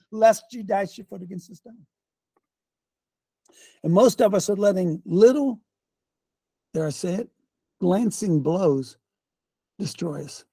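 A man preaching a fiery sermon, folksy and combative, with slang and sudden shouts. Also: sits high, vocal fry, no room sound. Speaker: pastor.

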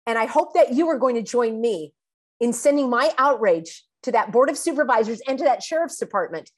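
A woman's voice: fairly high pitch, animated, a little fast. A woman hosting her own show, giving an indignant, emphatic commentary. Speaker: online show host. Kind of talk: commentary monologue.

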